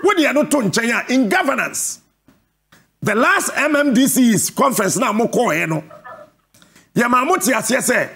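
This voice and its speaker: A Ghanaian man hosting a live interview, forceful and combative, cutting in and repeating himself with sing-song emphasis. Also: very high voice, sing-song, moderate pace, vocal fry. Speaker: radio and TV host.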